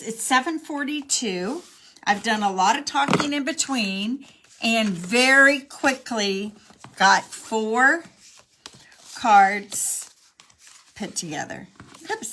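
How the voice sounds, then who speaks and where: Unhurried older woman with a soft Texas twang. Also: fairly high pitch, slight background noise. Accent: slight Texas. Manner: chatty, rambling, self-deprecating asides. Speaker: craft demonstrator. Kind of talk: live card-making demonstration. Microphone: camera on a long arm stand.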